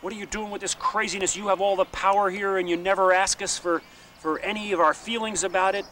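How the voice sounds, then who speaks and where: A man's voice: high voice, fairly even intonation, fast talker, sharp tone, distant mic, a little hiss or hum, voice pushed up. A man voicing grieving women who accuse their men with raised, pointed questions. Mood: accusing.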